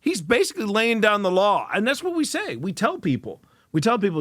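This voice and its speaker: A male host reacting to clips in casual commentary, animated, laughing often and restarting sentences. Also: high voice, a little fast, no room sound.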